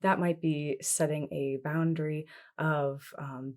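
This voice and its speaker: A woman from Canada, a therapist guest on a podcast, explaining things calmly with strings of questions. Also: low-pitched, takes it slowly. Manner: explains steps with strings of questions, calm and instructive. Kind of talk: podcast conversation.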